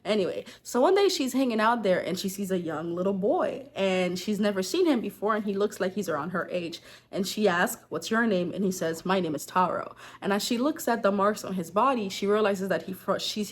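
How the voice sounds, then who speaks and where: A woman's voice: medium pitch, lively intonation, fairly quick, few pauses. A woman retelling a folktale in a casual storytelling vlog, chatty and slangy, breaking off for joking asides.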